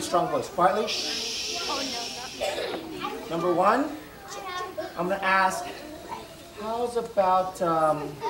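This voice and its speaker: A male stand-up comedian who works the audience, giving instructor-style commands and exaggerating sing-song tones. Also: high-pitched. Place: live comedy stage before an audience. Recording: echoey venue, distant mic, loud crowd.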